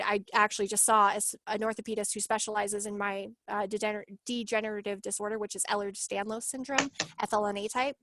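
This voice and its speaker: A woman in her late twenties on a video call, telling her story in an emotional, animated way and acting out what people said. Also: mid-range voice, no echo. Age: 20s. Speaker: workshop guest sharing her story. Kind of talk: casual video-call chat.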